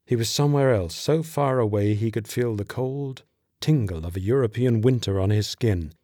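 A man narrating an audiobook in a steady, measured voice. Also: mid-range voice, dry recording, studio quality.

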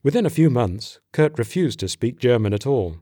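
A man narrating an audiobook in a steady, measured voice. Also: medium pitch, no room sound, studio quality.

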